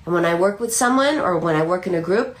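Animated woman psychoanalyst telling a story. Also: lowish voice, fast. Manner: animated storytelling with frequent restarts. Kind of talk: explanatory talk.

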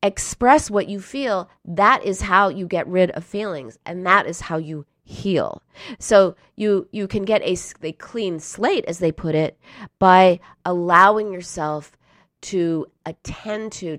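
A woman's voice: lowish voice, slow, a bit bright, no room sound, studio quality. A grown woman talking straight to her listeners in a casual advice talk, earnest and emphatic, now and then acting out feelings in short bursts. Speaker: self-help speaker.

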